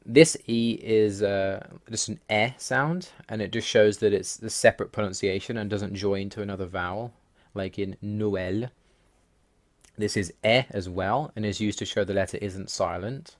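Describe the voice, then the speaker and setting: A man's voice: lowish voice, moderate pace. A man host narrating a voice-over, methodically listing language rules one by one, wry and mildly exasperated. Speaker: language-learning video host. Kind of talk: explanatory voice-over over slides.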